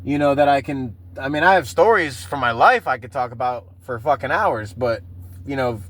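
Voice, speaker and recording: High-voiced profane man in his thirties. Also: fairly bright tone, rough recording. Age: 30s. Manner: profane, rambling, laughs at himself. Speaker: podcast host. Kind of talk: casual solo podcast rant.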